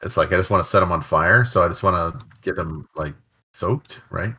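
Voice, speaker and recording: A man's voice: sits low, a little fast, pushed and bright, husky. A man playing in a tabletop game, talking eagerly about his turn. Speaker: player. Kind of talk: casual play talk.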